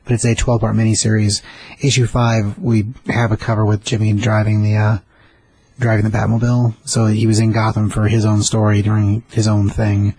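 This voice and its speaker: A man's voice: on the low side, monotone, fairly quick, warm tone, husky. A man explaining a comic series in casual chat, with plain fillers. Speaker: comic book podcast co-host.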